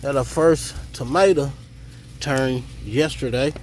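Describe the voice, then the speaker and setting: On a hot day outdoors, a man films a relaxed, thinking-aloud walk-through of his home garden on a handheld phone. His mid-range voice is animated and somewhat dark, moving at a measured pace with frequent pauses. The low-quality recording carries a bit of hiss or hum.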